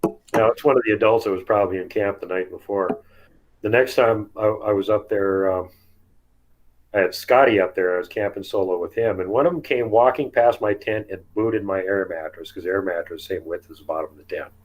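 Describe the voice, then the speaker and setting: A man with a somewhat low voice tells his camping stories in a relaxed, chatty way. He laughs easily and slips into acting out what people said. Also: fairly quick, low-quality recording. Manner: chatty, laughs often, acts out quotes. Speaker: guest telling field encounters. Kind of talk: casual storytelling interview.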